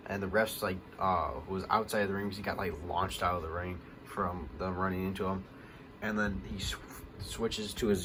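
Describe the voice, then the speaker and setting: A man hosting a wrestling vlog, recapping a show in a casual, rambling way with lots of fillers, getting excited at the big moments. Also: sits low, moderate pace, a little hiss or hum. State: hiccups.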